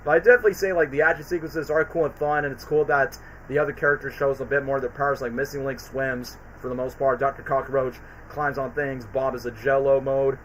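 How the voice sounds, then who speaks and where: A man's voice: mid-range voice, fairly even intonation, fast talker, hardly any pauses, a bit bright, a little hiss or hum, low-quality recording. A man hosting a casual stream chat, rambling with lots of fillers. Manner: rambling, quotes movie lines in put-on voices, many fillers. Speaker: streamer host.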